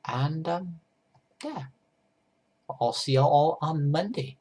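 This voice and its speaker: A husky male voice tells a silly first-person tale, rambling and stopping to comment on what he draws. The delivery is loose and chatty, with a slightly breathy edge. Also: fairly high pitch, expressive, slow pace, a little mellow. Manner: rambling, goofy, self-interrupting while drawing. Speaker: storyteller and drawer. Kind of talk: rambling first-person doodle story narration.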